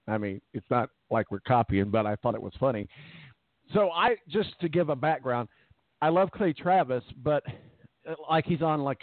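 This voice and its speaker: A man's voice: mid-range voice, no room sound. A man co-hosting a sports talk show, chatting casually and joking, rambling into asides. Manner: jokey, rambling, trails into asides. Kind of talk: casual sports radio banter. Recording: tinny phone-line sound, dry.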